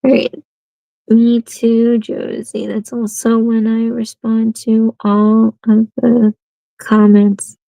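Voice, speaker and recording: A woman's voice: fairly high pitch, completely flat delivery, slow pace, creaky, mellow, no echo, poor audio. A woman hosting a nail art livestream, chatting casually in a rambling way and laughing often.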